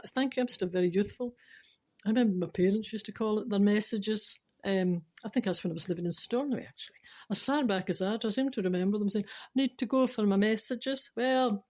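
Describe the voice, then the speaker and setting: A woman's voice: mid-range voice, a little mellow. Chatty older Scottish woman telling jokes. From Scotland. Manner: chatty and rambling, laughs at her own jokes. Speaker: podcast host. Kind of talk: unscripted joke-telling podcast.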